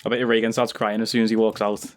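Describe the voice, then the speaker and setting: A young man hosting an anime reaction video, talking casually and excitably with lots of slang and fillers. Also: on the low side, racing. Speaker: anime reaction channel host.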